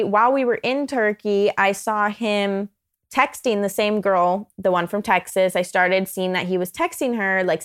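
A woman's voice: medium pitch, smooth. A young adult woman, a podcast guest, telling a personal story in casual chat and often saying "like". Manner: chatty, filler-heavy with frequent "like".

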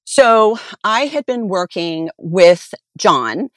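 A middle-aged woman, a podcast guest, telling a personal story in an animated way and acting out the dialogue she quotes. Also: mid-range voice, slow pace, dry recording, studio quality.

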